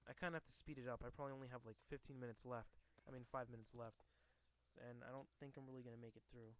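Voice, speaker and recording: A man's voice: medium pitch, fairly even intonation, quick pace, fairly bright tone. A man casually reading a comic book aloud and commenting on it, often stumbling and restarting over names. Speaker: reader recapping a comic book.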